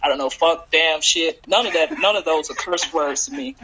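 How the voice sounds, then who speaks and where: A man co-hosts a casual podcast, speaking in a high, bright voice. He gives earnest, preachy advice to the listeners, with a faint hiss behind him. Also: animated, moderate pace, rough recording. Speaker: podcast co-host.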